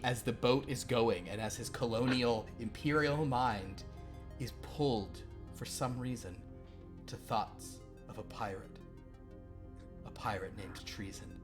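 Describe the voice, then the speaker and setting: A man narrating a tabletop role-playing game as game master, playful and rambling with frequent restarts. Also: fairly low pitch. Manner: playful, rambling, self-correcting.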